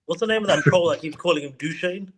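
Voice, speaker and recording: A man's voice: fairly high pitch, quick pace, a loud crowd, low-quality recording. A man guesting on a casual football stream, laid-back and joking, often restarting his sentences. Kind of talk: casual chat.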